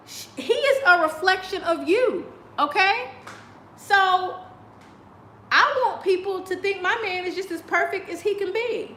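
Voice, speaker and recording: A chatty woman riffs with a sassy edge and laughs often. Her voice sits high and bright. The sound is roomy and echoey, with a faint hum behind it. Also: expressive, measured pace. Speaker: vlogger. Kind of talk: casual commentary. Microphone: video call on a choppy connection.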